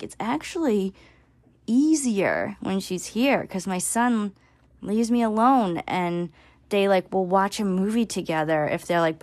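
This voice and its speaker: Woman, 30s, vlogger. Casual storytelling, gravelly fry, dry close sound. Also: mid-range voice, no room sound. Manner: chatty, many "like" fillers.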